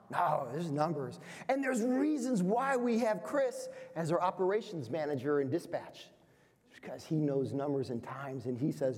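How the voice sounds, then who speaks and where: A man's voice: a little high, expressive, moderate pace, darkish tone. A man in his fifties giving a motivational seminar talk to business owners, playful and self-deprecating, quizzing the audience. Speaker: speaker at a business workshop. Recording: reverberant hall sound.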